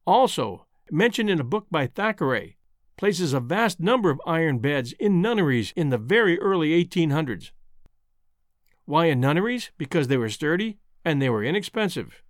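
A man reads a scripted account with a pointed, sardonic edge. His voice sits a little high, and the recording is dry and close with no room sound. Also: very animated, normal speed, no echo. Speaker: narrator. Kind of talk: scripted documentary narration.

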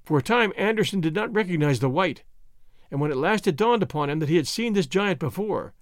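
Male audiobook narrator, lively wide-ranging delivery, higher voice, dramatic storytelling. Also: a little fast, no echo, clean studio sound. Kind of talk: scripted narration.

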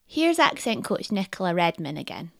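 A woman's voice: on the low side, big pitch swings, normal speed, gravelly, a bit bright, no room sound, studio quality. A woman hosting a podcast, giving scripted, explanatory narration. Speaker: podcast host.

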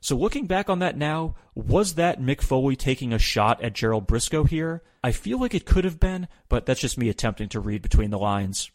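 A man's voice: mid-range voice, sing-song, normal speed, few pauses, no room sound. A man hosting a podcast, recapping old wrestling shows from a script with sardonic, opinionated asides. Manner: sardonic, dry sarcasm.

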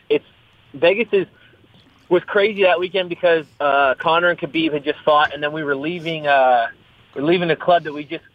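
A man's voice: a little high, dry recording. A young man, a fighter, talking in a casual interview, rambling, repeating his words and swearing freely. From US West Coast. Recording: tinny phone-like line.

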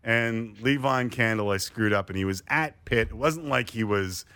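A man's voice: on the low side, normal speed, bright, forceful tone, clean tone. A middle-aged man from Canada hosting a sports talk show, chatting casually and telling self-deprecating stories. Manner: playful storytelling, self-deprecating. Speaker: sports radio host.

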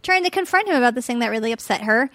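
A woman's voice: fairly high pitch, expressive, racing, fairly bright tone, no room sound. A woman on a panel in casual chat, hesitant and indignant with restarts.

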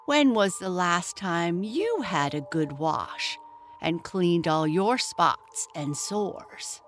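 A woman's voice: lowish voice, animated, slow pace, faint music behind. A woman voicing a lonely, grumpy old witch woman with a cranky, sulky way of talking. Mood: scornful.

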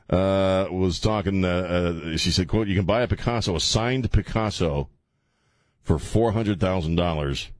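A man hosting a talk radio show, rambling and joking with frequent laughs and filler stumbles. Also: low-pitched. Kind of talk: casual talk radio monologue.

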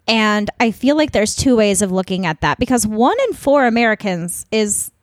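A woman's voice: mid-range voice, lively intonation, moderate pace, dry recording. A woman co-hosting a podcast, speaking in an impassioned, emphatic way. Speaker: podcast co-host. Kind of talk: casual podcast discussion.

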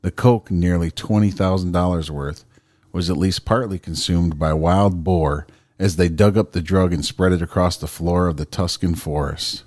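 In a clean, dry studio recording, a man with a deep, darkish voice co-hosts a podcast at a moderate pace and fairly even intonation. He chats casually, swears loosely, laughs a lot and reads news stories aloud.

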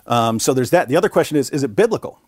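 A man, a guest in an interview at a conference, telling stories in a lively conversational way, acting out the voices he quotes and often repeating words as he starts a sentence. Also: mid-range voice, rapid-fire, no room sound, studio quality. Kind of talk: conversational storytelling. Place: conference venue.

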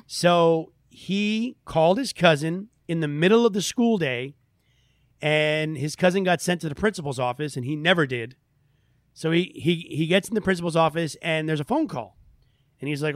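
A man hosting a casual chat, telling a story in an animated way and acting out the voices of people he quotes. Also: fairly high pitch, normal speed, dry recording, studio quality. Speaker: host.

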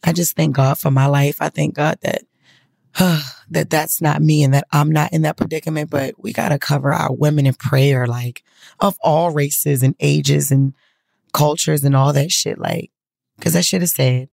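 A woman's voice: low-pitched, fairly even intonation, normal speed, vocal fry, a little mellow, no echo, clean studio sound. A woman hosting a podcast from the United States, talking bluntly and earnestly with lots of swearing, emotional as she speaks. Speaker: podcast host. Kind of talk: casual emotional monologue.

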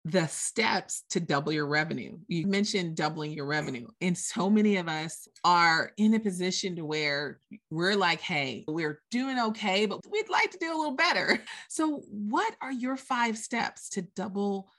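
A woman hosting a podcast interview, enthusiastic and quick to laugh. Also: fairly low pitch, expressive, a bit bright. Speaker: podcast host. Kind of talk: casual interview chat.

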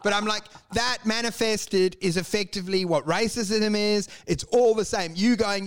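A man's voice: sits high, normal speed, few pauses, smooth. A man co-hosting a casual comedic chat, crude and mock-outraged as he rambles.

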